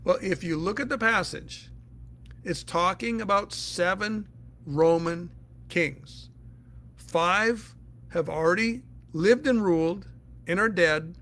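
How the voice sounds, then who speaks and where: A man's voice: sits high, slow, a bit bright. A man teaching the Bible in a casual, earnest way, answering listener questions and explaining step by step.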